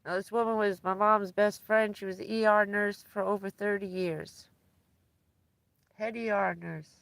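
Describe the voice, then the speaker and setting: A woman's voice: mid-range voice, fairly even intonation, normal speed, vocal fry, no room sound. A woman livestreaming from inside her van, chatting casually with viewers and laughing often as she tells stories.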